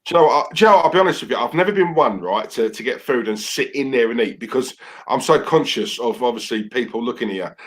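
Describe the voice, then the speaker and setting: A man talks frankly and at length in relaxed banter. His voice sits in a middle range, and he keeps the tone easy and chatty. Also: medium pitch, fast talker. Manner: chatty, laughs often, frank. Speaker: co-host. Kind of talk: casual banter.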